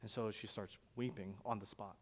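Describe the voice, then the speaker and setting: A male pastor preaching a sermon, telling stories conversationally and swinging from loud emphasis to quiet asides. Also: lowish voice, fairly even intonation, moderate pace, slight background noise. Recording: long hall reverb.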